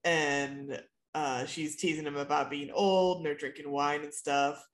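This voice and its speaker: A woman's voice: deep voice, fairly even intonation, unhurried, roomy sound. A woman co-hosting a casual chat about a TV episode, wry and sarcastic as she retells scenes. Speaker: podcast co-host.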